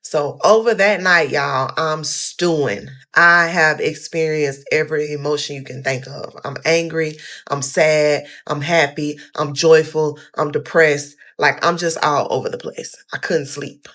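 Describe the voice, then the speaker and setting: A young woman telling her own story casually, animated and talking straight to her viewers. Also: a little slow. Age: young adult. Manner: animated, addresses viewers as y'all, quotes people in a higher voice.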